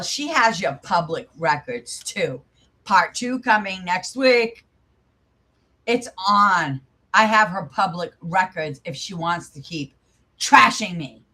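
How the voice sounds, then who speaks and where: A woman's voice: mid-range voice, lively intonation, slow, sharp tone. A young woman hosting her channel, casually commenting live in an angry, profane, rambling way. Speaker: channel host.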